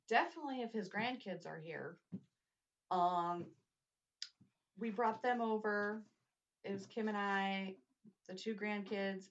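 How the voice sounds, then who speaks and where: Chatty woman telling a rambling story. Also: medium pitch. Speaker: family member of the house. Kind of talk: casual storytelling chat. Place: indoors in an old house. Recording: slightly muffled lo-fi.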